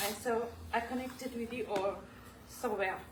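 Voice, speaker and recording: A woman speaks an emotional tribute in a large temple hall, halting and apologetic as she fights back tears. Her voice comes from well away from the mic and rings through the roomy space. Steady background noise sits under her words. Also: fairly high pitch. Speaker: devotee giving a homage. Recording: echoey hall, voice from far off, clear background noise.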